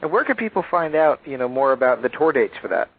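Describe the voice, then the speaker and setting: A man hosting an interview, asking questions in a friendly, halting way. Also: medium pitch, very animated. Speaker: interview host. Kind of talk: casual phone interview. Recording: tinny phone line with faint hiss.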